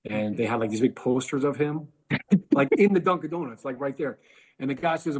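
A man's voice: fairly high pitch, fast talker, husky. A man telling a casual story as a guest, chatty and full of fillers.

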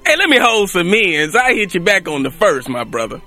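A man in a comedy sketch playing a crude, swaggering street tough with a very high, lively voice. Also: a little fast, soft background music, exaggerated voice. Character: brash street-slang male tough.

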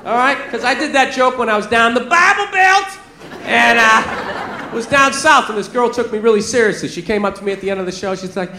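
A man performs stand-up in a very high, piercingly bright voice, punching his jokes with shouts. The room is echoey and full, with crowd laughter and background noise behind him. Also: animated, a little fast. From Southern United States. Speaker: stand-up comedian. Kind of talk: stand-up comedy. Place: comedy club stage with audience. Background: audience laughter.

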